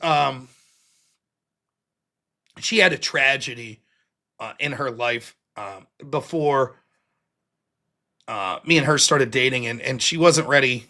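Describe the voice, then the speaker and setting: A middle-aged American man hosting a livestream, telling stories casually with lots of swearing and laughter. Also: medium pitch. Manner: profane, animated, laughs often. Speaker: livestream host. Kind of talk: casual storytelling.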